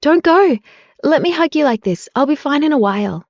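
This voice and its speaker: A woman's voice: sits high, expressive, moderate pace, no echo, clean studio sound, pitched above the performer's own voice. A woman voicing a young actress, an anxious and tender wife, who speaks in a pleading, tearful way.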